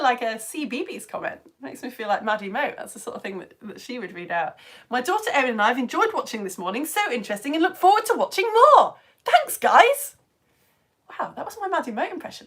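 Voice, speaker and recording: Bubbly woman from the UK, live online science teacher, higher voice with a bouncy, animated delivery. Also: breathy edge. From United Kingdom. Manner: chatty, enthusiastic, laughs often. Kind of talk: live-streamed lesson, reading viewer comments.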